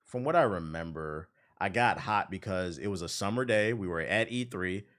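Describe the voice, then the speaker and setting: A man's voice: deep voice, moderate pace, fairly bright tone. A man streaming a game while telling a long story in casual, slangy, profane speech. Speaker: gaming streamer.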